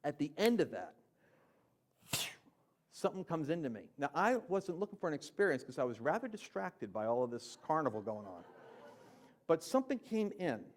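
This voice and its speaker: A man telling his conversion story in a conversational, animated way, jumping from loud emphatic bursts to quiet low asides. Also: normal speed, long pauses. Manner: conversational with fillers and slang. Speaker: Christian speaker. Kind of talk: personal testimony storytelling.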